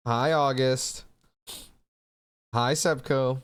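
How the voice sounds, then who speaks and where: A man's voice: medium pitch, measured pace, long pauses, smooth. A young man, a streamer chatting casually and reading chat aloud, loose and laughing, swearing freely. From United States.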